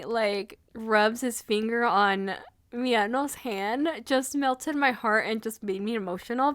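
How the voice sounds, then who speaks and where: Emotional fangirl woman rambling a review, kinda high pitched, super dry mic. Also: a bit bright, dry recording. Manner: gushing, emotional, chatty with fillers. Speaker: anime reviewer. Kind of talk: casual video review.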